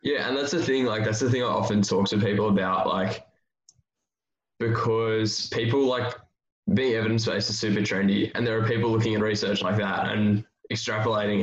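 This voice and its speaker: A man with a lowish voice chats casually about training and fills his sentences with loose fillers. He sounds like he is in a roomy space. The sound is a little muffled and dull. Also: brisk. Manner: relaxed, thinks aloud with many fillers. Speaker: strength coach. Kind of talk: casual podcast chat.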